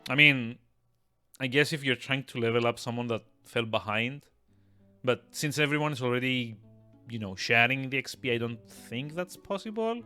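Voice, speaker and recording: Excitable man streaming a game. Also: medium pitch, moderate pace. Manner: excitable, laughs often, self-interrupting. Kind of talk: live let's-play commentary. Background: game music.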